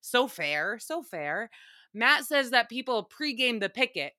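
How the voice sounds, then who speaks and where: Bright-voiced, animated woman podcaster. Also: medium pitch, measured pace, no echo, studio quality. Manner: animated, profane, laughs often. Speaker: podcast host recapping reality TV. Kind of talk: casual chat.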